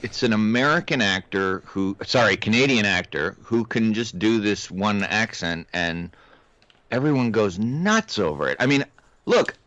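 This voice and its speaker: A man's voice: on the low side, lively intonation, measured pace, fairly bright tone, no echo. Male co-host, wry rambler, dry slightly muffled sound. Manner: rambling, wry, many restarts. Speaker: podcast co-host. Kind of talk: casual chat.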